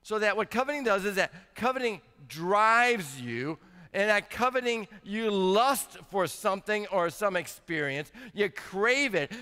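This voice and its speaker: A male pastor preaching to his congregation in a church sanctuary. His voice is bright and ringing and sits a little high, and it carries a long reverb through the hall. He slows down for scripture readings and then builds to an emphatic, rising pitch. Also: animated, clear, resonant tone. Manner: reads scripture slowly and deliberately. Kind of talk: sermon.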